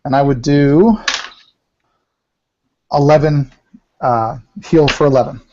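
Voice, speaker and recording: A man's voice: a little high, slow, a little mellow, a little hiss or hum. A man playing a tabletop game, hesitantly narrating his character's actions. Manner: hesitant, many fillers and restarts. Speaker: player. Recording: muffled lo-fi recording.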